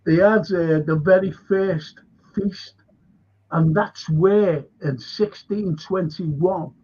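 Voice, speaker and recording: A local historian with a Liverpool accent tells history stories in a chatty, wandering way on a livestream, often slipping into little acted-out voices for the people in his tales. His voice sits high and is a little husky and a little mellow, and he speaks slowly. The audio is muffled, lo-fi livestream sound.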